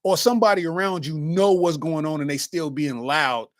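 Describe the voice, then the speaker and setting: A man's voice: on the high side, normal speed, dry recording. A man in his forties, a comedian hosting his own podcast, telling stories in a casual monologue full of street slang. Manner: animated storytelling with street slang.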